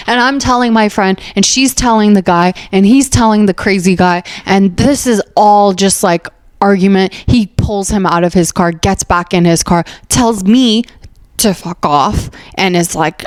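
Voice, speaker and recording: A woman's voice: mid-range voice, moderate pace, no room sound, studio quality. Profane woman telling a rambling comic story. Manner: profane, rambling, heavy on "like" fillers; acts out other people's lines in animated voices. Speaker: podcast host and stand-up comedian. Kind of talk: comedic storytelling.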